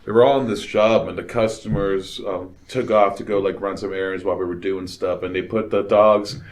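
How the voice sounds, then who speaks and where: A man co-hosting a podcast, telling a work story in casual banter with loud acted-out quotes. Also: deep voice, fairly even intonation, a little fast. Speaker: podcast co-host.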